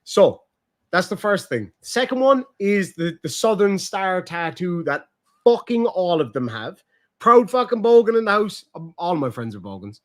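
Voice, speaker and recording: A young man holds a loose, swear-filled chat and explains slang with animated energy. His voice sits a little higher than most men's. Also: normal speed. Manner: profane, animated storytelling. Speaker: streamer host. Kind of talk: casual chat.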